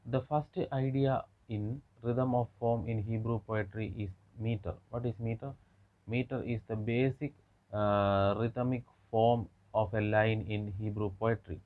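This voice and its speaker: A man giving an academic lecture, speaking haltingly with frequent hesitations and restarts. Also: on the low side, steady tone. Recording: tinny phone-like lo-fi audio.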